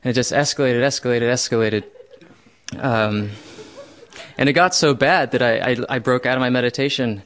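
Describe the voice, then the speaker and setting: Man, young adult, telling a true story, wry and self-mocking, middle pitch. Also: moderate pace. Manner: self-mocking, with loud bursts when voicing his own panic. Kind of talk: first-person true story.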